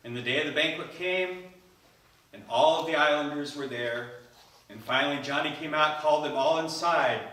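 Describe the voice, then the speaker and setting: Male storyteller, animated, live event, bright tone, reverberant hall. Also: medium pitch. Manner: animated, acts out the characters' lines. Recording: echoey hall, voice from a distance.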